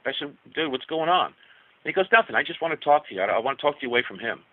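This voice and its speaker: A man's voice: a little high, very animated, very fast, no room sound. A male rock musician telling stories as an interview guest, rambling with many restarts. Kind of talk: casual storytelling. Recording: tinny phone-line sound.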